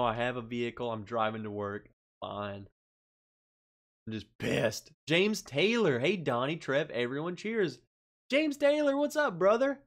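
A man hosting a relaxed tasting livestream, talking straight to his chat and laughing easily. His voice sits a little high and swings widely in pitch. There's a stressed edge to how he talks. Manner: chatty, reads out chat comments, laughs often. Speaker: livestream host. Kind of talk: casual live-stream chat.

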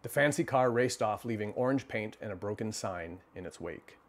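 A man hosting a livestream, reading a children's storybook aloud and then chatting with viewers in a relaxed, halting way. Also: fairly low pitch. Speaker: storyteller host.

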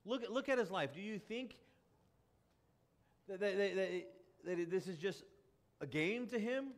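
A male pastor preaching a sermon to his congregation, emphatic and casual, with many rhetorical questions and quick restarts. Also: high voice.

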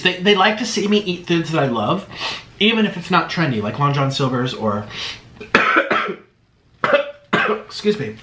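A man hosting an eating vlog, bursting with excitement and exclamations. His voice is bright and sits a bit high, swinging up and down a lot. He sounds like he's in a roomy, echoey space. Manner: excitable, gushing, full of exclamations. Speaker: mukbang host. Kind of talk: casual eating vlog chat. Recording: roomy echo.

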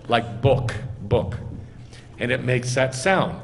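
Speaking slowly and expressively in a mid-range voice, a rabbi pauses often as he builds his sermon one step at a time. He asks his listeners questions along the way, and the hall's echo and faint noise come through.

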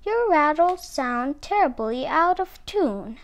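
A woman's voice: sits high, animated, slow pace, exaggerated voice. A woman voicing a sly male armadillo who tattles in a teasing sing-song in a storybook reading.

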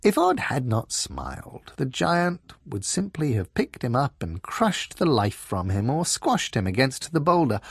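Slow expressive male storyteller. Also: mid-range voice, creaky, slightly rough, no room sound, studio quality. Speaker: audiobook reader. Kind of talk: storybook reading for children.

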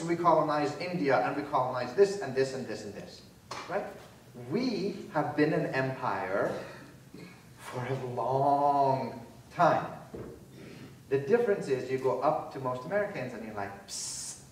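A man delivers a lecture with animated, sarcastic flair, pushing his emphasis higher as he makes a point. His voice sounds far from the mic and rings through a large, echoing hall, with faint noise underneath. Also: a little slow. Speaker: keynote speaker. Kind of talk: university lecture and Q&A answers.

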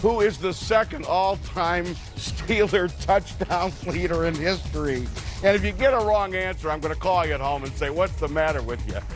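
A man hosting a sports talk show, quick-witted and teasing, with a Pittsburgh accent. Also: sits high. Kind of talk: lively sports talk and interviews. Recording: music faintly behind.

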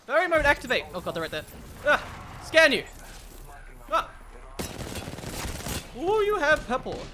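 Lively, excitable woman gaming commentator. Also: high-pitched, takes it slowly, slight background noise. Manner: excitable, swears often, playful in-character boasting. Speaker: gaming video creator. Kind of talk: live gameplay commentary.

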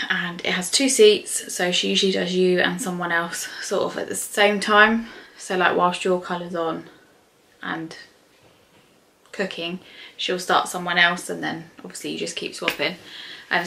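A woman's voice: on the low side, creaky, bright, forceful tone. A woman chatting casually to camera at home as a beauty and motherhood vlogger, filling her talk with ums and likes. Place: at home indoors.

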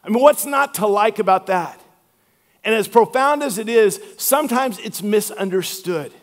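High-voiced man preaching in an echoing church. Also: lively intonation. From Louisiana, US. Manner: earnest preaching with drawn-out emphasis. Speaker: pastor. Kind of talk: sermon. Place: church sanctuary. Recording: long church hall reverb.

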